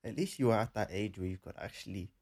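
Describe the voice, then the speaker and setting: A man's voice: on the low side, racing, creaky, darkish tone, slightly rough. A young man co-hosting a casual chat, telling stories in a laid-back but emphatic way. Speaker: podcast co-host.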